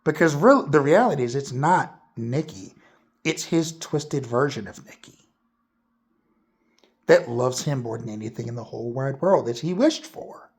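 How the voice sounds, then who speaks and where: A man talks through a movie review in a loose, rambling way, full of fillers and casual swearing. His voice carries a noticeable gravelly fry, while his pitch sits in an ordinary middle range. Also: animated, normal speed. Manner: rambling, profane, lots of fillers.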